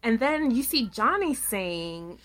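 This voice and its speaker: Woman podcasting about a reality show, voice bouncing all over, swears a lot, mimics people in shrill bits. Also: takes it slowly. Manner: animated, acts out quoted people in shrill voices, laughs, swears. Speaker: podcast co-host. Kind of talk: casual chat recapping a reality show.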